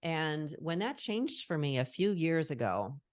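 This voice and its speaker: A woman's voice: deep voice, very animated, unhurried, no echo, clean studio sound. A middle-aged woman talking earnestly as a guest on a call, reflective and searching for her words. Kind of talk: casual conversation on a call. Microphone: call recording.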